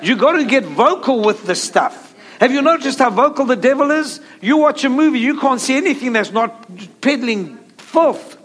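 A man's voice: very high voice, animated, normal speed, fairly bright tone, some chatter behind. A male pastor preaching a sermon, emphatic and repetitive, leading the congregation in call-and-response.

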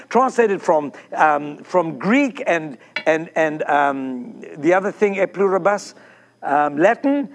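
Whooping excited male preacher. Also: high voice. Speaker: pastor. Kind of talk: sermon.

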